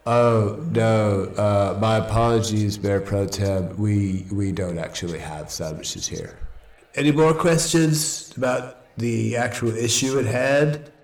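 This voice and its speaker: Man doing a flustered city clerk; slow, hesitant, in an echoey room. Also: on the low side, steady tone, a little mellow. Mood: apologetic. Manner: hesitant, apologetic, full of fillers. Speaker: council meeting clerk character.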